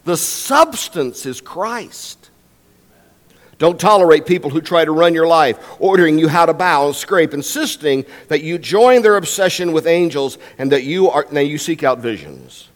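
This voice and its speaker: Older male preacher, emphatic sermon delivery, slightly high voice, long church reverb. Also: normal speed, hardly any pauses. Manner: emphatic, varying pitch and pace for effect. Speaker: guest preacher. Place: church sanctuary.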